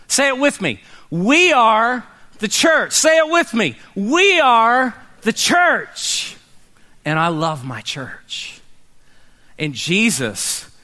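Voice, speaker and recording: Casting: male pastor, high bright voice, lively preaching that plays out quoted people. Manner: animated, acts out quoted people, calls for responses. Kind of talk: sermon. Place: church meeting in a warehouse.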